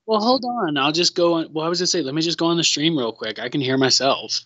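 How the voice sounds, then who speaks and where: A man's voice: a little high, animated, quick pace, pushed and bright, no room sound, muffled recording. A man chatting casually on a live stream, swearing now and then and talking back to a co-host he can't hear. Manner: chatty, swears, laughs, talks to a co-host off mic.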